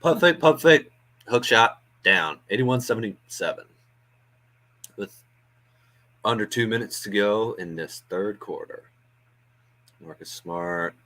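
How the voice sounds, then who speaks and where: A man's voice: fairly low pitch, expressive, takes it slowly, long pauses, sharp tone. A man hosting a fan watch-along stream, giving casual live play-by-play with chatty asides, frequent ums and uhs.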